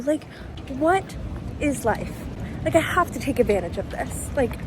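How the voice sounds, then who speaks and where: A young woman in her twenties chats into her phone for a vlog, her voice sitting a little high. She rambles and acts out little quoted exchanges, packing every sentence with "like". Plenty of background noise comes through around her. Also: lively intonation, moderate pace. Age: 20s. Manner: chatty, lots of "like", acts out quotes. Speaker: vlogger. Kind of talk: casual vlog chat.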